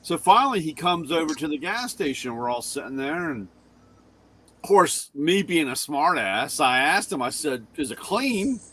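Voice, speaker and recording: A man with a bright, fairly high voice, co-hosting a relaxed car talk show. He winds through a funny story, stopping to correct himself and hunt for the right words. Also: normal speed, slight background noise. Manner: rambling, self-correcting storyteller. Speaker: show co-host; shop owner. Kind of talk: casual storytelling chat.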